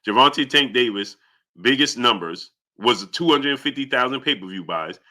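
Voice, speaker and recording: A young man hosts a live boxing stream in a very bright, cutting voice. He argues hotly with viewers, and his pitch jumps up when he gets indignant. He talks fast and keeps pushing his point. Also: lively intonation. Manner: heated, argumentative, rising pitch when indignant. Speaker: boxing channel host.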